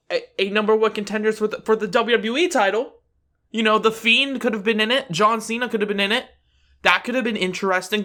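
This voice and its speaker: On his own YouTube channel, a man with a high, sharp-toned voice offers casual wrestling predictions. He rambles with sarcasm and frequently starts his sentences over.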